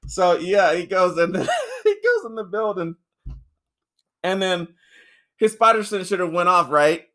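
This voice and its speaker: A man co-hosting a podcast, reviewing a film in casual, profane, rambling chat, laughing often and acting out characters in high voices. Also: very animated, a little slow, bright, forceful tone. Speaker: podcast co-host.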